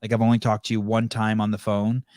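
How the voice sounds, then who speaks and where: A man's voice: on the low side, monotone, quick pace, darkish tone, dry recording, clean studio sound. A man hosting a podcast, telling a story in casual, profane chat and acting out the dialogue. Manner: profane, acts out quoted dialogue. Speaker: podcast host.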